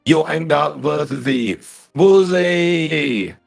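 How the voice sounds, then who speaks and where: A man voicing a skinny little bird-like creature that puts on a slow, drawn-out, menacing monster voice. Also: fairly high pitch, vocal fry, soft background music, pitched above the performer's own voice, heavily acted.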